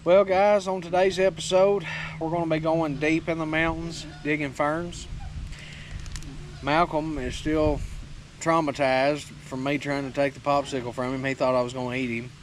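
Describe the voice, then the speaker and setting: A man vlogging outdoors, excitable and coaxing, laughing often as he feeds his pig. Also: a little high, normal speed. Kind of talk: casual outdoor vlog chatter. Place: outdoors on a rural homestead. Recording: loud outdoor noise.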